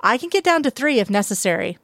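A woman's voice: a little high, big pitch swings, fast talker, a bit bright, dry recording. Mulder, a joking man, as a woman reads him. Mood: teasing. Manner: playful, joking. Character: Mulder, a teasing grown man.

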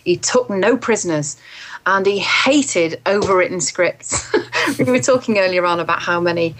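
A woman's voice: lowish voice, moderate pace, a little hiss or hum, low-quality recording. A woman voice artist chatting casually about her work, laughing often. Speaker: radio voice artist. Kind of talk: casual chat.

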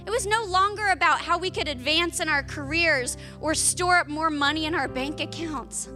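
A woman in her thirties preaching a sermon, telling a personal story that builds to impassioned emphasis. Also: very high-pitched. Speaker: pastor.

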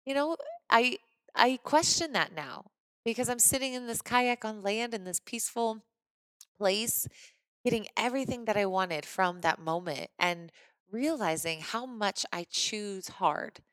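A podcast host from Missouri, a woman with a mid-pitched voice, telling a personal story in an animated, chatty way. She leans on casual fillers as she goes. The recording is dry and close, with no room sound. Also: a little slow, no room sound.

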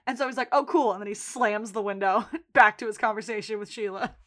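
Animated woman recapping a TV episode. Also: medium pitch, quick pace. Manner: animated retelling with acted-out quotes. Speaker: podcast co-host. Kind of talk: casual recap chat.

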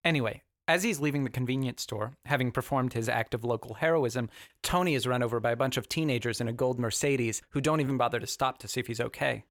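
Wry film reviewer with a gravelly voice. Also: male voice, medium pitch, fast talker, dry recording, clean studio sound. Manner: wry, sarcastic. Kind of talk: comedic video review narration.

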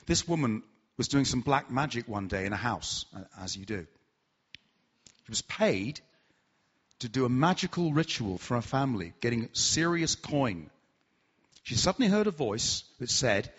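Animated husky preacher telling stories. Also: male voice, mid-range voice, measured pace, long pauses, highs cut off. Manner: storytelling, animated, asks the audience questions. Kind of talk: sermon. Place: church.

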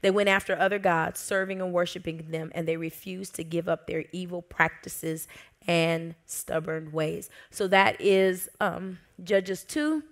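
In a lowish, unhurried voice, a woman pastor delivers a sermon built around a story. Her telling is expressive, softening into whispers when things turn tender.

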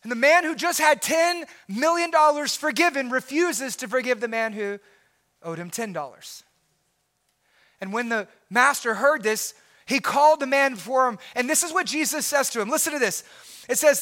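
With lively intonation at a moderate pace, the pastor preaches earnestly. His sermon swings from soft, low lines to shouts, and he often repeats words.

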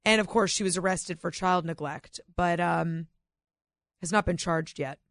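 A woman's voice: fairly low pitch, a little slow, creaky, dry recording, studio quality. A woman co-hosting a casual talk radio show, bantering and laughing often as she reads stories and reacts to callers. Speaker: radio co-host.

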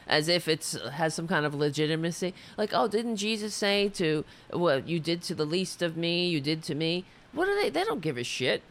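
A show host ranting angrily about politics, swearing often, restarting sentences and getting worked up, with a voice that has gone hoarse from shouting. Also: mid-range voice. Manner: angry, profane, excitable, stumbling restarts. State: hoarse, losing the voice. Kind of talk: heated political rant.

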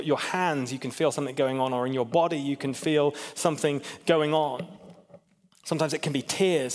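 Brit preacher, fairly high voice, chatty, laughs a lot, long hall echo. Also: male voice. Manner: chatty, laughs often, drops to a hush for quiet points. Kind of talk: informal sermon.

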